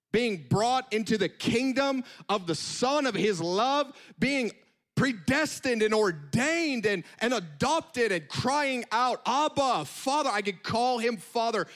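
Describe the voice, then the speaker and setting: A man preaching a sermon in an animated, conversational way, with quick asides. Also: sits high.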